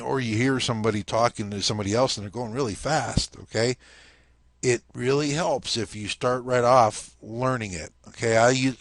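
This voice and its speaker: A man's voice: mid-range voice, a bit bright, no room sound, studio quality. A man teaching a language lesson in a casual spoken style, explaining step by step and checking in often with "okay?".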